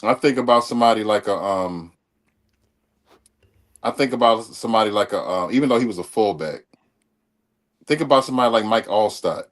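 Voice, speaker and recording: A man with a lowish voice chats about sports as a podcast co-host. He swears freely and often stops and restarts his sentences. His delivery is loose and conversational. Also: expressive. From Baltimore area. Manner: profane, halting, many restarts. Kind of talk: casual sports chat.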